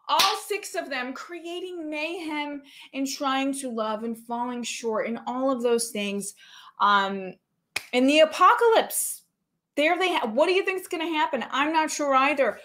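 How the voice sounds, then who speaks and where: A woman's voice: high voice, animated, a little slow, pushed and bright, a little hiss or hum. Upbeat woman host wrapping up an improv show. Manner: upbeat, chatty sign-off. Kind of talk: improvised comedy show, addressing viewers.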